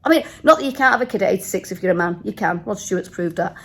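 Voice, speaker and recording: A woman's voice: mid-range voice, expressive, racing, breathy edge. A woman in her fifties, a travel vlogger, tipsy and telling stories animatedly in a hotel room, swearing freely. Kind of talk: casual storytelling vlog.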